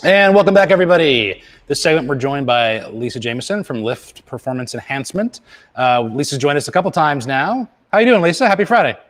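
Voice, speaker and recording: A man's voice: a little high, expressive, brisk. A man hosting a live TV show from Florida, chatting casually with a guest and leaning on frequent uh fillers. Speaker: TV show host.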